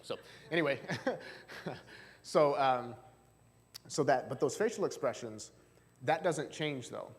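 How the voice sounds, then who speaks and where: A male marriage and family therapist giving a chatty seminar talk to a live audience, often asking them questions. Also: medium pitch. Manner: chatty, asks the audience questions, frequent fillers. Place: church hall. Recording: long hall reverb.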